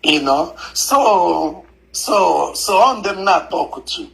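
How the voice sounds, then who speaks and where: Gravelly man calling in. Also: high voice, expressive, takes it slowly, a bit bright, poor audio. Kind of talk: casual phone-in chat.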